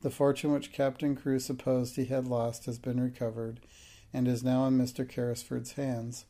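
A man voicing a solicitor who speaks in a quiet, level, steady and cool manner. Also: medium pitch, normal speed, close to an everyday voice.

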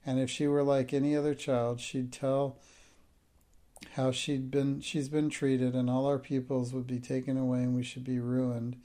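A man's voice: medium pitch, little pitch movement, moderate pace, warm tone, natural voice. A man reading the part of a timid middle-aged schoolmistress, her lines turning tearful and hysterical. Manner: pleading, breaking into hysterical outbursts.

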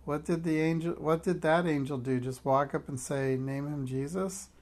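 A man's voice: on the high side, normal speed, a little mellow, close to an everyday voice. A man voicing a brash, defiant tough girl in a storybook, speaking bluntly and demanding answers.

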